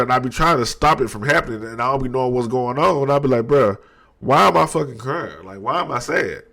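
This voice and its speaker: A man in his thirties talking slowly and candidly into the mic at his desk, reflective and low-key, with slang and many restarts. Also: a bit bright. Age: 30s. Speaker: podcast host. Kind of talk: candid personal monologue.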